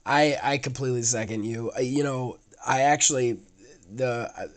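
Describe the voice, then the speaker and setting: Male podcast host, hoarse and raspy from illness, casual rambling delivery with offhand swearing. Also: mid-range voice, fairly even intonation, normal speed. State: hoarse, sick voice. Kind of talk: casual gaming podcast chat.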